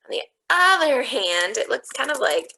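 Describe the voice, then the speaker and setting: A woman's voice: sits high, very animated, normal speed, vocal fry, sharp tone, a little hiss or hum, rough recording. A woman teacher walking students through a recorded online lesson, thinking aloud step by step as she types. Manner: thinks aloud step by step, explaining her reasoning.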